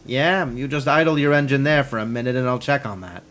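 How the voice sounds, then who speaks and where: A man's voice: mid-range voice, fairly quick, a bit bright, soft background music, close to an everyday voice. A man voicing a boisterous, hungover middle-aged male cyber doctor who is cheerful and wisecracking. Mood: gruff.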